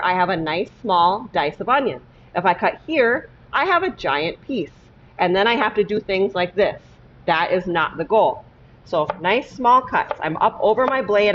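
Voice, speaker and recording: A woman's voice: mid-range voice, muffled recording, a little hiss or hum. A woman teaching a cooking lesson in her kitchen, talking step by step and often checking in with "okay?". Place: home kitchen.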